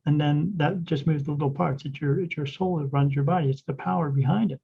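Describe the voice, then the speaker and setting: A man's voice: fairly high pitch, fairly even intonation, fairly quick, creaky, breathy edge. A man, a spirit medium guest on a podcast, telling a rambling story in casual talk, acting out quoted dialogue with many restarts. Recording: dull, lo-fi podcast audio.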